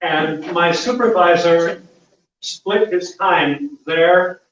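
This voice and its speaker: A man telling a personal story at a live story slam in a measured, dry way. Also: sits high, a bit bright. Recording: echoey, distant, dull live room recording.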